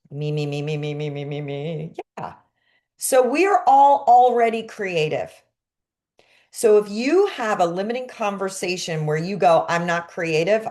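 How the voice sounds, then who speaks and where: A middle-aged woman with a Brooklyn accent teaching an online class, energetic and expressive, sometimes dropping to a hush for emphasis. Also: medium pitch. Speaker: creativity coach.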